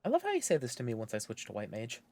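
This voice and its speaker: A man streaming a game, chatting casually and joking in an excitable way. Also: mid-range voice, very fast, dry recording. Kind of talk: casual gameplay chat.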